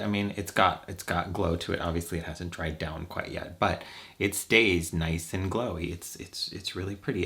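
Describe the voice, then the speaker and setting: A man's voice: sits low, bright, forceful tone. A man chatting casually and rambling with campy asides as he does his makeup for a vlog. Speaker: makeup vlogger. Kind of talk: casual chat while doing makeup.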